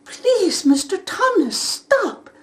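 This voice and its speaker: A polite, anxious young girl from a storybook, as a woman puts her on, stammering and flustered. Her voice is very high and lively, and she speaks slowly. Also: heavily acted. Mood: pleading.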